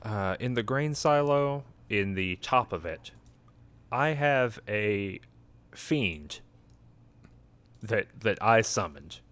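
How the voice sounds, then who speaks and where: A man's voice: lowish voice, a bit bright, smooth, dry recording. A man doing a grumbling scheming woman. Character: scheming woman who summoned a fiend.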